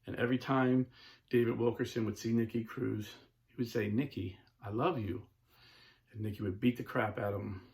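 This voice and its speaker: A man hosting a Catholic talk show, telling stories in a casual, animated way. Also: mid-range voice, brisk, gravelly. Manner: animated storyteller, casual with filler words. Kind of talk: storytelling talk.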